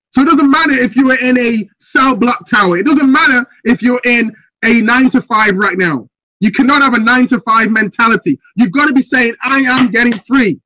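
A man giving a motivational speech on a group video call, firing rhetorical questions and building up to shouts. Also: very high voice, no room sound, poor audio. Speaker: motivational speaker.

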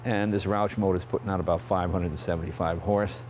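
A man in his sixties from Massachusetts, hosting and telling a casual, animated story about cars. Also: sits low, quick pace, slight background noise. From Massachusetts, USA. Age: 60s. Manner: chatty, animated, acts out family members' lines. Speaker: host.

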